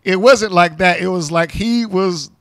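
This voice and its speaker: A man's voice: high voice, unhurried, no room sound, clean studio sound. A man co-hosting a casual wrestling show review, sarcastic and rambling with restarts and asides. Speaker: wrestling podcast co-host.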